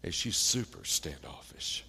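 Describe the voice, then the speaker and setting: A man preaching a sermon, telling a personal story in a slow, plain-spoken way with pauses and fillers. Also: deep voice, expressive, vocal fry, bright, forceful tone, slight background noise.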